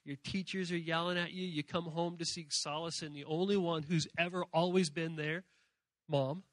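A man giving an animated youth sermon, telling stories and acting out voices from shrieks to soft murmurs. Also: on the high side, moderate pace, dry recording. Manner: animated storytelling, acts out characters in shrieks and murmurs. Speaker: youth speaker.

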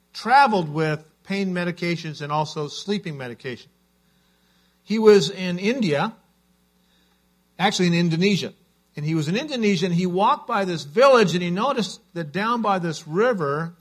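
A man's voice: on the high side, fairly bright tone. A man preaching a sermon as a pastor, telling stories in an earnest way.

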